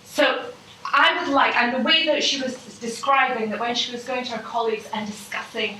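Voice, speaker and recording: A woman with a Scottish accent asks a question from the audience at a public meeting, halting and searching for words. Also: fairly high pitch, bright, forceful tone, a little hiss or hum. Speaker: audience member asking a question. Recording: echoey hall, distant mic.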